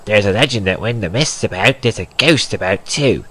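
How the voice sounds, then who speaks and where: A man voicing a calm, wise old male steam engine who speaks in a soft, murmuring, cautionary way, with music behind. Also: fairly low pitch, moderate pace.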